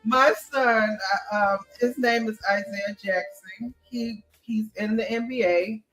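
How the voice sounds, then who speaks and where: A woman's voice: a little high, fairly even intonation, a little slow, a bit bright, soft background music, rough recording. A middle-aged woman guest earnestly recounting her own experience with her mother. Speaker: guest co-author. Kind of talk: personal storytelling.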